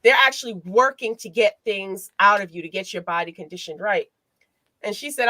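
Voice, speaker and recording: A woman hosting a podcast as a life coach, telling personal stories in an expressive, motivational way. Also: mid-range voice, normal speed, no echo. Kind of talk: casual podcast chat.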